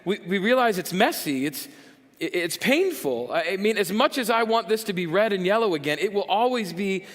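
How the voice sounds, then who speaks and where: Animated pastor preaching in a reverberant church. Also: male voice, sits high, normal speed. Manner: animated, jokey, acts out voices of listeners. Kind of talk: sermon. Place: church sanctuary.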